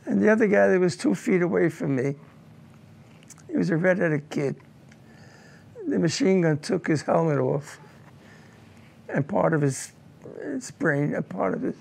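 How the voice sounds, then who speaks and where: An older man, a war veteran, telling his combat memories in an oral history interview, halting and repeating words as he goes. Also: high voice, animated, vocal fry, a little mellow.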